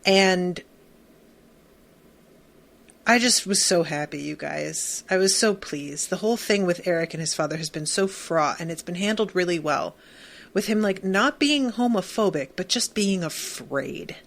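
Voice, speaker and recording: A woman's voice: on the low side, lively intonation, unhurried, gravelly. A woman hosting a podcast, recapping a TV episode in a casual, gushing, emphatic way with lots of fillers. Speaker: podcast host.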